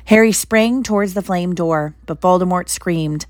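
A woman narrating a storybook aloud in an expressive storytelling manner. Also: fairly low pitch, a little slow, few pauses, no room sound, clean studio sound. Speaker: reader. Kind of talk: audiobook narration.

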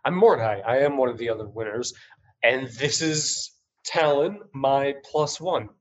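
A man joins a tabletop game, speaking in character with a wry, playful tone. His voice is mid-pitched, with a faint background hum in the recording. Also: unhurried. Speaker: player.

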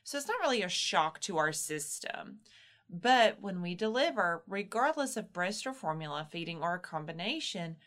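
A woman's voice: on the low side, sing-song, normal speed, a bit bright. Woman explaining postpartum health on a podcast. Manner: explanatory, reassuring, acts out moms' inner voices. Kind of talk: casual podcast chat.

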